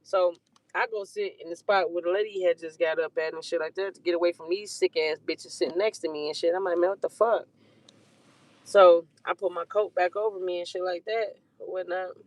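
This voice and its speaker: Young storyteller going off, cussing a lot, loose and animated, medium pitch, dry sound. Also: a little fast, no echo. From Detroit. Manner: rambling, profane, animated retelling. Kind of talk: casual storytime monologue.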